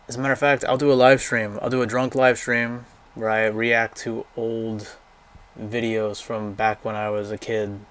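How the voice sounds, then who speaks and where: A man's voice: fairly low pitch, fairly bright tone. A young man casually rambling through a game library, giving blunt, profane opinions and going off on tangents. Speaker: gaming vlogger.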